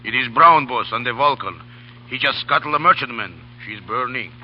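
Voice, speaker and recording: An actor playing a jovial pirate first mate in a 1930s radio drama, speaking in a halting, hesitant way. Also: male voice, medium pitch, natural voice. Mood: worried. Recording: muffled, hissy 1930s radio broadcast.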